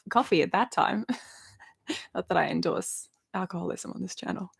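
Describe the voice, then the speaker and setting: A woman's voice: medium pitch, vocal fry. A woman, chatting casually on a live stream and answering viewer questions, rambling and laughing often. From Australia. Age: 30s. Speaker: YouTuber hosting a live stream. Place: at home in her bedroom.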